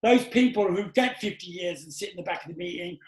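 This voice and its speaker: A man's voice: high-pitched, a little fast, roomy sound, low-quality recording. A man hosting a casual interview, talking earnestly and with emphasis. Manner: earnest, emphatic, often asks "do you get what I'm saying". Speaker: podcast host.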